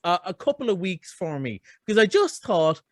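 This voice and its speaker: A middle-aged man with a notably high voice talks through a film review in a chatty, enthusiastic ramble. The sound is close and dry, with no room around it. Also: sing-song, normal speed, no room sound. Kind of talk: casual radio chat.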